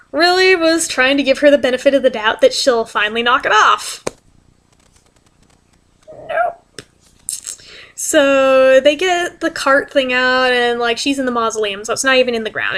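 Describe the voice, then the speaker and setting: A woman's voice: high voice, a bit bright. A young woman telling a story in a casual vlog, chatty and exasperated, swearing freely. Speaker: vlogger.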